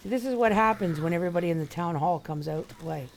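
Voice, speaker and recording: As she plays, this streamer talks casually with viewers, wandering from topic to topic and calling out people by name. She speaks quickly in a creaky voice on the low side, over slight background noise.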